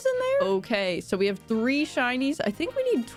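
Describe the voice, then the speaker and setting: A young woman gaming streamer giving excitable, silly play-by-play commentary. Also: on the high side, moderate pace, over music. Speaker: streamer, gaming video host. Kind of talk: casual gameplay commentary.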